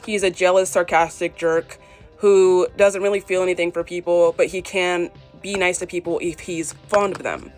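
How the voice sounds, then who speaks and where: A woman's voice: on the low side, fairly even intonation, normal speed, a little mellow, soft background music. Exasperated young woman ranting on her phone. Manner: exasperated, emphatic, repeats her points. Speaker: fan fiction writer. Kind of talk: casual rant vlog. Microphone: phone selfie.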